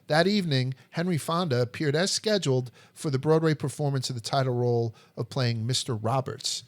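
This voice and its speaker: A man's voice: medium pitch, brisk, no echo. A man hosting a history podcast, telling stories in a blunt, profane, joking way. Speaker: podcast host. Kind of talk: casual history chat.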